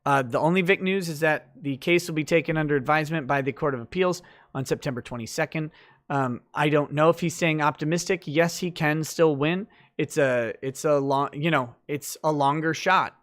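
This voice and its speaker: A man's voice: fairly high pitch, moderate pace, fairly bright tone. A man hosting a late-night livestream, chatting loosely through viewer comments with lots of fillers and restarts.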